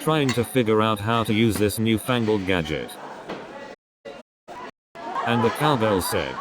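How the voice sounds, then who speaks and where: A man with a fairly low voice delivers a stand-up comedy routine, stringing one rambling setup after another with the same catchphrases. A clear crowd hum sits behind him. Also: lively intonation, unhurried, long pauses.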